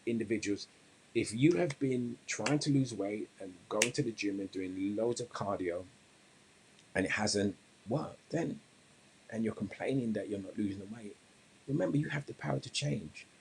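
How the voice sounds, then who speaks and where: A man's voice: fairly low pitch, normal speed, gravelly, slight background noise. A man hosting a weight-loss coaching podcast, talking casually and rambling, with restarts before an earnest moral point. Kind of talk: casual live-stream talk and storytelling.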